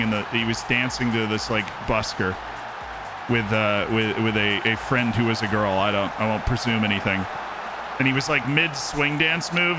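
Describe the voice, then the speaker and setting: A male game streamer talks at a middle pitch, chatting loosely between reactions to the match. He jokes with his chat and cheers or groans at each chance. Steady game music plays clearly behind him. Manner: animated, joking, cheers and groans at the play. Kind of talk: live-stream commentary while playing and reading chat.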